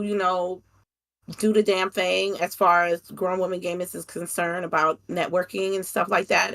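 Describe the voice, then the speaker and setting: Excited woman chatting casually. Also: mid-range voice, vocal fry. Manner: chatty, excited, warm about friends. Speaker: podcast guest, gaming creator. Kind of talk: casual interview chat.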